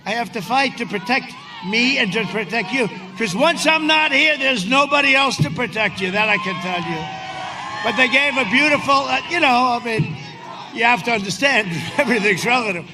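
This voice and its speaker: A man giving a rambling, boastful rally speech outdoors in cold wind, often shouting to a crowd. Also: very high voice. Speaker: politician speaking at a rally. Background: large cheering crowd and wind.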